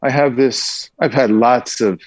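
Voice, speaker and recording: A man being interviewed, talking in a lively, casual way with quick asides. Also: medium pitch, dry recording. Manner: energetic storyteller, quick asides. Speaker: guest.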